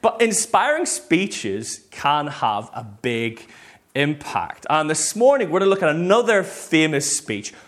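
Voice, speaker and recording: A man preaching a sermon in a chatty, animated storytelling way, with plenty of fillers and restarts. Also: fairly high pitch, unhurried.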